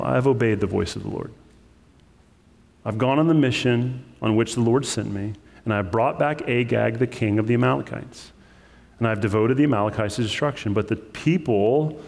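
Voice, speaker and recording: A male pastor preaching a sermon, animated, acting out the quoted voices with sudden leaps in pitch. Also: creaky. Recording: long hall reverb.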